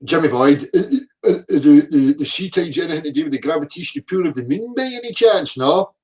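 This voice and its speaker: A man's voice: a little high, animated, a little fast, a little mellow. A middle-aged man, ranting profanely at viewer comments, abrasive and mocking. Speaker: flat earth video commentator. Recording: voice a bit distant from the mic.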